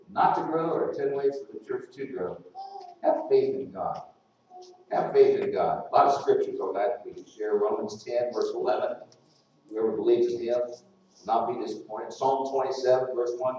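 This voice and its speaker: A man's voice: mid-range voice, warm tone, a little hiss or hum. A man preaching a sermon in a church, talking conversationally and putting questions to the congregation. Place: church sanctuary. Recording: echoey church, mic far off, dull sound.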